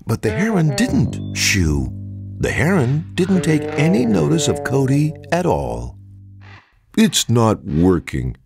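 A man narrating a children's storybook in an expressive, sing-song read-aloud manner. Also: on the high side, unhurried, gravelly. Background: music.

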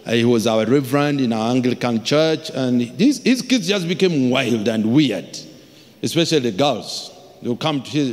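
A man preaching a sermon as a pastor, telling stories with acted-out voices and sudden shouts. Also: medium pitch, moderate pace. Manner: animated storytelling, acts out voices, shouts for emphasis. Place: large church hall. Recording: long hall reverb.

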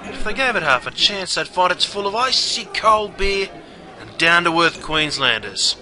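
A man's voice: sits high, expressive, normal speed, sharp tone, some chatter behind, exaggerated voice. An Australian-accented man playing a brash, chummy pub barman who talks in slangy, matey banter. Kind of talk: scripted character narration.

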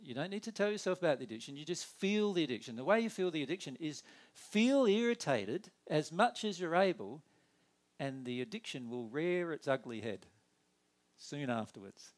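A man giving a conversational spiritual talk, animated and acting out inner dialogue in quick put-on voices. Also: on the high side. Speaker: spiritual teacher.

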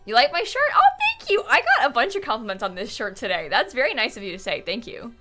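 A woman talks casually on a live game stream with a bright, sharp voice that swings widely in pitch. She rambles in a chatty way, full of fillers, and thanks her viewers by name. Faint music plays behind her. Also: very animated, fast. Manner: reads out and thanks chat viewers. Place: at home with her cat.

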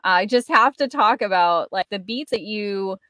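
A woman's voice: medium pitch, lively intonation, unhurried, bright, forceful tone, no room sound, clean studio sound. A woman hosting an interview, chatting eagerly with lots of fillers. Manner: enthusiastic, chatty, frequent laughs and fillers. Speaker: podcast host. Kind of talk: casual interview chat.

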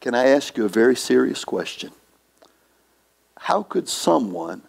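A male pastor preaching a sermon in a church, slow and emphatic, repeating phrases for weight. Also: mid-range voice, very animated, vocal fry, husky.

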